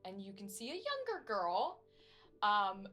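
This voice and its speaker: A woman narrating as game master of a tabletop horror game, animated, with many fillers. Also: medium pitch, unhurried, faint music behind.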